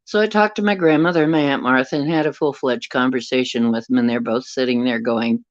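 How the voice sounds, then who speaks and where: A woman's voice: extremely low pitch, steady tone, brisk, hardly any pauses, dry recording, dull audio. A middle-aged woman telling a rambling personal story to a live chat, stopping now and then to greet viewers. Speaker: paranormal livestream host.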